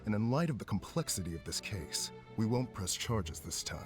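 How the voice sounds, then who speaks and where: Stern game official, formal, varied intonation, music under. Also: male voice, lowish voice, big pitch swings, moderate pace. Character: formal official male law enforcer.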